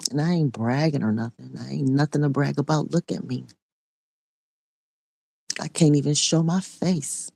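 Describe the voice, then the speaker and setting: A woman's voice: rumbling low, creaky, a little mellow, slightly rough, dry recording. A middle-aged woman and online preacher giving an impassioned spoken testimony in a repetitive, raw preaching cadence.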